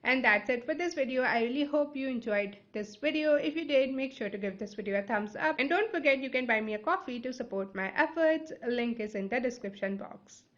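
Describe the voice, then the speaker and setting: A woman's voice: high voice, animated, fairly quick, few pauses, a bit bright, dull audio. A woman teaching vocabulary in a video lesson. English is not her first language. She explains step by step and keeps checking in with "right?" and "okay?".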